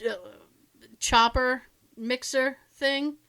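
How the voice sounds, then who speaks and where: A woman co-hosting a podcast, telling animated stories in casual chat, swearing freely and laughing often. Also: high-pitched, very slow, clear, resonant tone. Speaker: podcast co-host.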